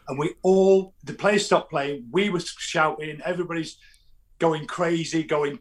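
A man, a football fan guest telling animated stories in casual chat, often restarting his sentences. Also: on the high side, normal speed. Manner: animated storytelling, frequent restarts.

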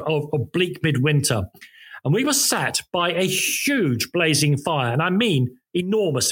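A man's voice: a little high, a bit bright, breathy edge. A man on a podcast recounting music-journalism anecdotes in a rambling, self-interrupting way, recording from a room at home. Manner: rambling, self-interrupting, many ums and restarts. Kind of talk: casual anecdotal chat. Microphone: home recording, video call.

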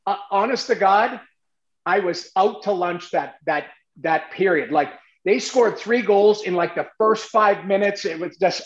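A man telling a long story in a casual, animated way, full of restarts. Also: sits high, echoey room, muffled recording. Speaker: guest, former goalie.

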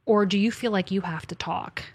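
A woman author and podcast host in casual faith conversation, chatty and animated, acting out her talks with God in little asides. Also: medium pitch, moderate pace, husky.

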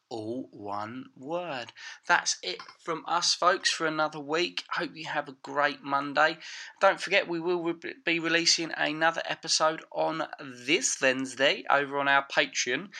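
A man's voice: fairly high pitch, pushed and bright. A man co-hosting a podcast, jokey and teasing in casual chat, also reading the sign-off. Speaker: podcast co-host.

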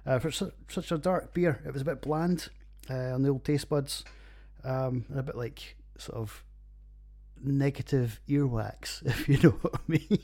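Husky Scottish man, sweary podcast banter. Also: medium pitch, measured pace, warm tone. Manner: sweary, rambling and jokey, with frequent fillers. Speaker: podcast host reviewing beers. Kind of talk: casual solo podcast chat.

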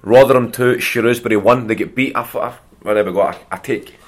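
A Scottish man in his thirties, a comedian and podcast guest, telling chatty, animated anecdotes in a casual way. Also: mid-range voice, a little fast. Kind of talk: casual storytelling.

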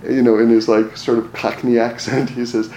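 Man, mid-pitched, relaxed storyteller who stumbles and restarts, recorded in a roomy space with faint background hum. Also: moderate pace. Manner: repeats words in restarts, chuckles at his own stories. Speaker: speaker telling personal stories. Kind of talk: casual storytelling talk. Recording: roomy echo, faint ambience.

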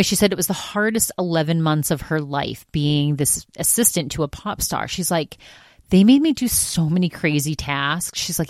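A woman's voice: lowish voice, no echo, clean studio sound. A woman hosting her own podcast, casually recapping another show and retelling what was said in a chatty, quote-heavy way. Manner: chatty retelling, constantly quoting others with "she's like". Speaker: podcast host.

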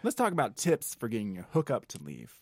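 A man's voice: medium pitch, wildly swooping pitch, fast talker, darkish tone, no room sound, clean studio sound. A man co-hosting a podcast in casual chat, playful and teasing, full of crude jokes. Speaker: podcast co-host.

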